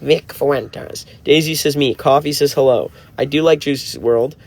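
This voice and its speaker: A man's voice: a little high, a little slow, gravelly. Laid-back man in his twenties. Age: 20s. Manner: laid-back, answers viewer comments. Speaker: band member hosting a livestream. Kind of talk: casual livestream chat reading comments. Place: in a car.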